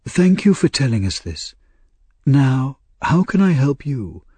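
A male narrator voicing an anxious, kindly old gentleman, earnest and measured, for an audiobook. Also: mid-range voice, very animated, breathy edge, dry recording, pitched above the performer's own voice, full character voice. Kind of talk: audiobook character reading.

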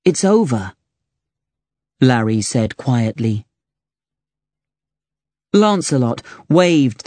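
A narrator reading a children's storybook aloud with slow, expressive delivery. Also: medium pitch, no room sound.

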